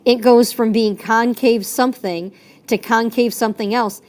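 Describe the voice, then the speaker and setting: A woman's voice: on the high side, fairly even intonation, normal speed, a little mellow. Chatty woman teaching math. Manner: chatty, self-correcting, playful sound effects. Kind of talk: casual math lesson.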